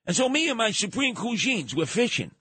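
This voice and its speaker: Older New talk-show host, bright, husky voice, lively yarn-spinner with bursts of shouting. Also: male voice, extremely high pitch, fairly quick, no room sound. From New York. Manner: animated, colorful storytelling with bursts of shouting. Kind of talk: storytelling monologue.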